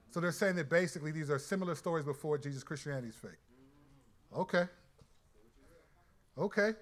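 Excitable high-voiced male preacher. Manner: excitable, colloquial, quick restarts. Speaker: preacher and Bible teacher. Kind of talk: animated sermon-style teaching.

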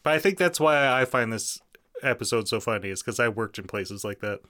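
Man, bright forceful voice, joking, rambling, casual chat. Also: medium pitch, expressive, fairly quick. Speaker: podcast co-host.

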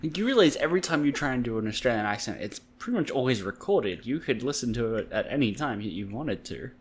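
A man's voice: mid-range voice, sing-song, fast. A man co-hosting a podcast, chatting in an easygoing way and laughing often. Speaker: podcast co-host. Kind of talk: casual podcast chat.

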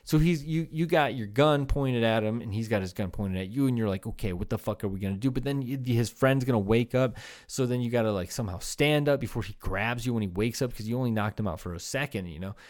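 A man's voice: mid-range voice, fairly quick, darkish tone. A young adult man hosting a solo comedy podcast, rambling and swearing as he riffs on absurd hypotheticals and slips in voices of made-up people. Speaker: podcast host.

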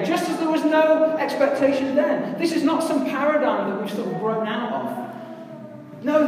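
A woman's voice: a little high, a little mellow, slight background noise. A woman preaching a sermon in a conversational way, putting questions to her listeners. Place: large church hall. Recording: very echoey hall, voice from far off.

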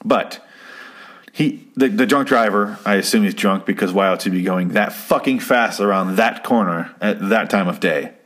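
Profane, sarcastic low-voiced man. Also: moderate pace, fairly bright tone. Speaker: commentator reviewing a TV episode. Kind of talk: casual chat.

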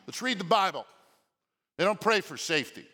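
A male pastor preaching a sermon in an animated way, often asking the congregation questions. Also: high voice, moderate pace. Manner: animated, asks the congregation questions, shouts quoted lines. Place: church sanctuary. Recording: long reverb of a church hall.

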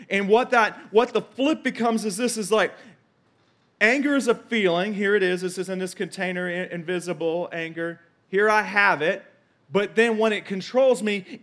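A man's voice: high-pitched, fairly bright tone. A male pastor preaching a conversational sermon, emphatic and repetitive, with asides and quotes from scripture.

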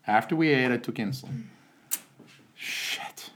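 A man's voice: mid-range voice, measured pace, a bit bright. A man hosting a comedy podcast at home, talking in a wry, grumbling way and swearing casually. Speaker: podcast host. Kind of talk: casual chat.

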